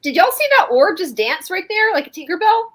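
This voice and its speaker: A woman co-hosting a casual spiritual livestream, chatty and animated, joking and reading passages aloud. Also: very high voice, brisk, low-quality recording. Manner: chatty, laughing, animated storyteller. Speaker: co-host.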